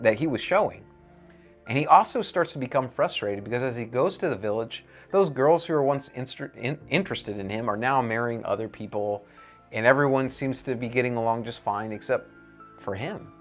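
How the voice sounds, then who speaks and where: A man preaching, telling a moral parable in an earnest storytelling manner. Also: mid-range voice.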